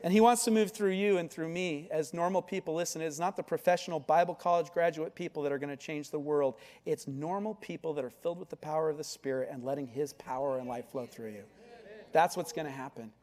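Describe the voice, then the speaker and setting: A man's voice: on the high side, brisk, a little mellow. A male pastor preaching a sermon in a church, driving his points home with emphatic rhetorical questions. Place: church sanctuary. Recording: long hall reverb.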